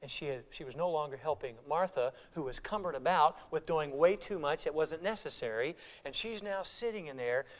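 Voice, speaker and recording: Preacher man, high voice, very animated, acts out his quotes. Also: fairly quick, few pauses. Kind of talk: sermon.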